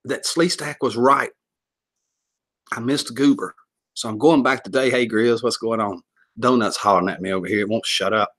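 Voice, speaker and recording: A man's voice: mid-range voice, normal speed, a bit bright. A man hosting a casual livestream, joking, laughing often and rambling as he greets viewers and reads comments. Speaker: livestream host.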